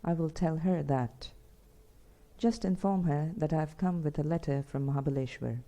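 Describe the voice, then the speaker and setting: A woman's voice: sits low, moderate pace, mellow. A woman voicing an earnest young man in an audiobook, asking polite, probing questions. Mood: inquisitive.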